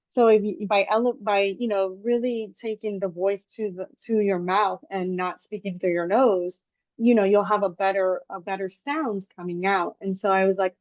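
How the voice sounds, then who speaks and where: A woman hosting a podcast, chatting casually and telling lively stories with animated quoted asides. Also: medium pitch, normal speed, no echo. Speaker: podcast host. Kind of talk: casual interview chat. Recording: dull, dry lo-fi podcast audio.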